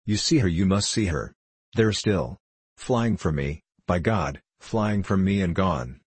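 A man reading the part of an overwrought, haunted ship captain in a storybook, with a husky voice. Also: low voice, expressive, measured pace, dry recording, heavily acted. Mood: frantic.

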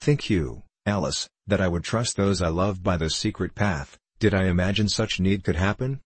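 A man's voice: sits low, moderate pace, husky, no echo. A man reading as a haughty young officer.

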